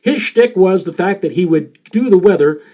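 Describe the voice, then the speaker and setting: A man in his sixties from the New York area, a meteorologist telling stories in a presentation and filling his pauses with many "uh"s. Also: high voice, animated, mellow. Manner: rambling, with many filler sounds. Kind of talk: storytelling presentation. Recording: dull lo-fi sound.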